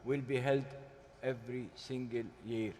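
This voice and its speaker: A man speaking on a forum panel, deliberate and emphatic, pausing often with hesitations. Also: medium pitch, level tone, a little mellow, slight background noise. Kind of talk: panel discussion. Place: large conference hall. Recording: hall reverb, faint ambience.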